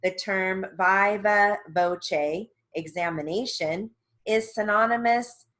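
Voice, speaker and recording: A woman reading steno dictation practice for court reporters, with measured, deliberate and clearly enunciated delivery. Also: mid-range voice, fairly bright tone.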